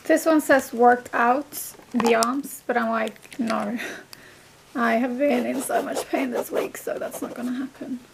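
A young woman vlogging casually while sick with a fever, talking softly and often dropping to a whisper. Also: on the high side, fairly even intonation, a little slow, vocal fry, background noise. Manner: soft, tired, often drops to a whisper. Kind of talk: casual vlog chat.

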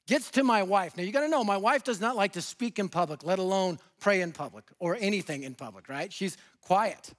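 A man with a high voice delivers a sermon as a guest preacher. He tells stories with humor and energy, swinging from loud outbursts to hushed, tender lines. He is in his fifties and from Denver. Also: a little fast, few pauses. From Denver, USA. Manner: animated, humorous storytelling with sudden swings between loud and soft. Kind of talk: sermon with storytelling.

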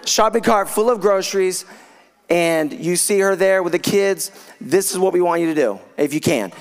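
Fired-up high-voiced male preacher. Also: normal speed. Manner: fired up, exclaiming and storytelling. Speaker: guest preacher. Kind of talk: sermon to a live congregation.

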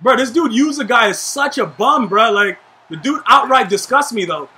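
A young man giving live gameplay commentary, trash-talking and shouting at his teammates in a hyped way. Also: very high-pitched, lively intonation, moderate pace. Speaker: gaming YouTuber.

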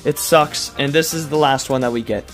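A man's voice: mid-range voice, moderate pace, faint music behind. A man doing a casual unboxing review, rambling with lots of fillers and restarts as he gushes over details and complains about being let down. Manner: gushing then letdown and complaining. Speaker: toy reviewer.

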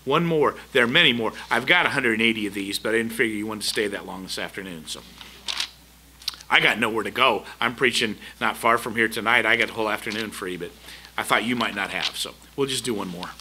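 A middle-aged man preaches from the pulpit in a very bright, forceful voice. He drives his points home with repeated rhetorical questions and an earnest, emphatic delivery. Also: on the low side, a little fast, a little hiss or hum. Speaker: pastor. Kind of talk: sermon. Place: church sanctuary.

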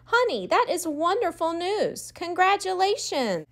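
A woman voicing a kind, calm mother who is a doctor, speaking in a gentle, reassuring way. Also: high-pitched, moderate pace, pitched above the performer's own voice. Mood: warm.

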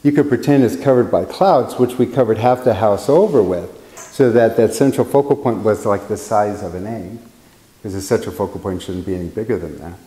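A man's voice: on the low side, fairly quick, mellow. A man teaching painting in a casual, rambling way, telling anecdotes and acting out the quotes. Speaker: painting instructor. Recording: roomy hall reverb.

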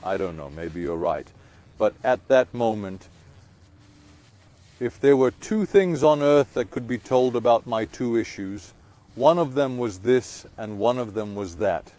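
A man telling a spiritual story, moving between hushed passages and emphatic exclamations. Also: mid-range voice, lively intonation, unhurried.

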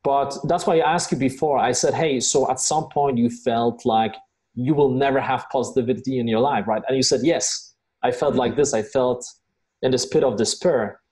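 A man's voice: medium pitch, steady tone, moderate pace, a little mellow. A man hosting an interview, reflecting on his guest's story in an encouraging way, with some "um" fillers. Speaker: interview host. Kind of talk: interview conversation.

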